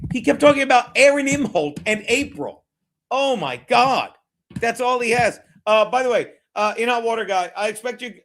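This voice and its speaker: High-pitched guy cussing nonstop on a watchalong stream, mocking folks and muttering at his browser. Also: fairly bright tone. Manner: profane, rambling, mutters while fiddling with browser; brash and mocking. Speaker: streamer hosting a betting watchalong. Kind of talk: live-stream commentary and chat.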